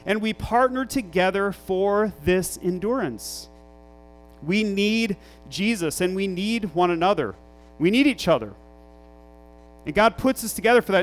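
High-pitched guy pastor preaching, lots of "what's the secret?" questions, quiet music in the back. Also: rough recording. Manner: preaching with rising emphasis and rhetorical questions. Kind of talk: sermon.

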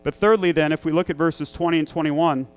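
High, smooth-voiced male pastor preaching. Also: steady tone, brisk. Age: young adult to middle-aged, a parent. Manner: earnest, emphatic, repeats key phrases. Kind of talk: sermon.

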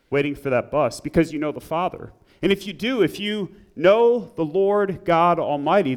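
A man preaching a sermon in church, praying and then telling a story with rising emphasis. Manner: earnest, builds up emphatically in the story, drops low and soft in prayer. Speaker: pastor. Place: church sanctuary.

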